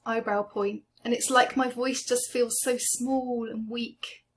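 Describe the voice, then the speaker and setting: A woman coaching a guided EFT tapping session, speaking slowly and gently as she names each tapping point. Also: a little high, steady tone. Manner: slow, gentle, soothing guidance.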